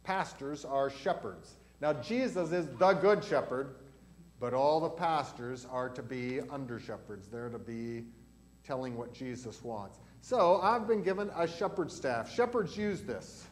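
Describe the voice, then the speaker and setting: A man's voice: mid-range voice, expressive, a little slow. A man pastor giving a catechism lesson in a church to children and adults, asking them questions as he goes. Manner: asks the children questions as he teaches.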